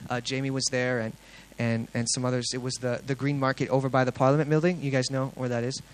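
A man's voice: mid-range voice, fast, slight background noise, low-quality recording. Man earnestly telling a faith testimony. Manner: earnest, excited storytelling with many fillers and restarts. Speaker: speaker sharing testimony. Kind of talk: testimony storytelling to a congregation.

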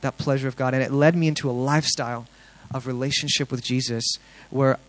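Speaking fairly quickly in a mid-range voice, a young man tells a congregation his testimony with eager sincerity. Fillers and restarts pile up as he goes, and the recording is low quality.

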